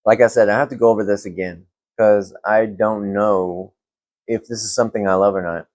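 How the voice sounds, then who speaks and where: A young man reviewing fragrances in a casual vlog, relaxed and rambling with lots of fillers. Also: lowish voice, normal speed, no echo.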